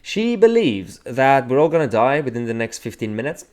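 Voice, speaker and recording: A man's voice: medium pitch, big pitch swings, moderate pace. A man hosting a political commentary vlog, talking sarcastically and mockingly with chuckling asides. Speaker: host.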